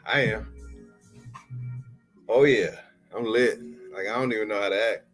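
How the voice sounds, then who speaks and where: A man's voice: lowish voice, fairly even intonation, unhurried, fairly bright tone, soft background music. A man hosting his own podcast, telling stories in a loose, playful, slangy way. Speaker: podcast host. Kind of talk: casual solo podcast monologue.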